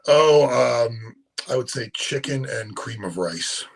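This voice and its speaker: A man who coaches bodybuilding, answering interview questions in a relaxed, halting way with frequent ums. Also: mid-range voice, creaky, breathy edge, poor audio. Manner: relaxed, hesitant, many ums and restarts.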